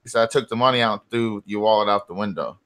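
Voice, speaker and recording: A man's voice: on the low side, fast, a bit bright. A man in casual chat, telling a story in a laid-back, matter-of-fact way.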